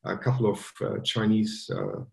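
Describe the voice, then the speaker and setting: A man's voice: lowish voice, normal speed, creaky. German guy w/ accent, laid back, lots of uhs, roomy echo. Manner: relaxed, hesitant with many fillers and restarts. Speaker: guest developer. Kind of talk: casual interview chat.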